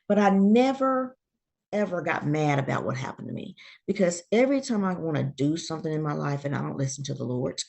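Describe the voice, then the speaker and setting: Her voice deep with vocal fry, this woman from Georgia talks fairly quickly as an interview guest telling her own story in a casual chat. She lively acts out each quoted voice.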